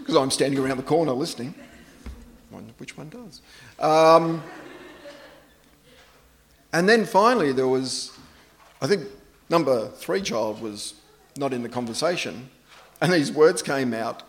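A middle-aged man preaching a sermon in a relaxed, anecdotal way, poking fun at himself. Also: on the high side, measured pace, long pauses. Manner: conversational, anecdotal, self-deprecating.

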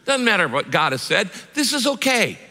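Satan, as a preacher puts him on. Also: male voice, sits high, big pitch swings, moderate pace, long reverb tail, voice pushed up, full character voice. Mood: coaxing. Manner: coaxing, then loud and scornful. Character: Satan, sly male tempter turned harsh accuser.

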